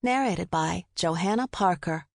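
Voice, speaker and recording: A woman's voice: fairly low pitch, animated, measured pace, creaky, no room sound, clean studio sound. A woman audiobook narrator reading a first-person story in a wry, conversational way.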